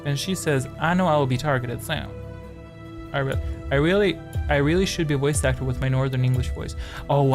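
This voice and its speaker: A man hosting a live-stream quiz game, rambling chattily between questions with jokey asides. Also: mid-range voice. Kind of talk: casual live-stream chat.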